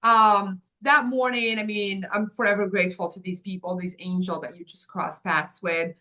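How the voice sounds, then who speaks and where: Guest storyteller: woman, middle pitch, animated, acts out dialogue. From Morocco. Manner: animated, acts out quoted dialogue, quick restarts. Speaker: guest, agency founder. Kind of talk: personal storytelling in an interview.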